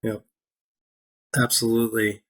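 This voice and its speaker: A man's voice: fairly low pitch, monotone, measured pace, a crowd in the background. A man hosting a podcast interview, talking in an emphatic, effusive way and often repeating his phrases. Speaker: podcast host.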